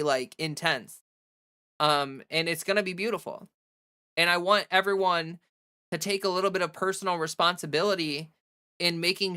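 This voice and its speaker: Woman livestream host, bright voice, casual rant, lots of fillers, restarts. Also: lowish voice. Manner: animated, heavy use of "like", frequent restarts.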